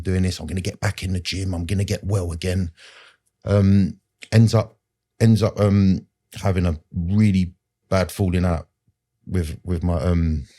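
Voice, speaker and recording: A man's voice: deep voice, dark tone. A man, a podcast guest telling his personal story in an earnest, rambling way with street slang and lots of fillers.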